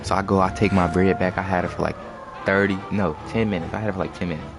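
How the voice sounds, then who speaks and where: Deep-voiced young man telling a story. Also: fairly even intonation, fast talker. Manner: loose slangy rambling storytelling. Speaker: streamer. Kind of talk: casual storytime. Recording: music playing behind.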